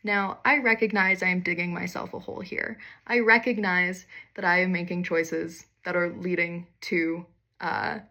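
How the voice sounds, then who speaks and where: A woman's voice: fairly low pitch, bright, forceful tone. A young woman telling a candid, wry personal story in a casual monologue, swearing freely and poking fun at herself.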